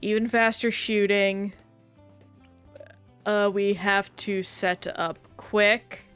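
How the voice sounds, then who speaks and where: A woman's voice: medium pitch, steady tone, slow pace, fairly bright tone, smooth, soft background music. A woman streaming a game, chatting casually and rambling while reacting to play and chat.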